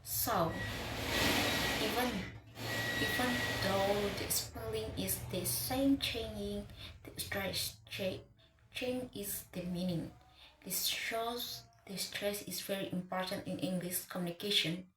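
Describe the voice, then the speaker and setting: A woman slowly explaining a lesson as a teacher. She talks haltingly and often restarts words partway through. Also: mid-range voice. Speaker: English teacher. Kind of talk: slow, careful lesson explanation. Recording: echoey room with faint ambient noise.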